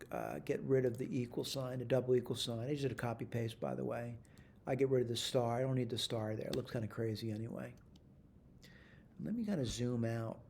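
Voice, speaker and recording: A math instructor with a medium-pitched, dark-toned voice talks through his steps aloud in a screen-recorded tutorial. He corrects himself along the way and checks in with "all right?", with a bit of hiss or hum in the background.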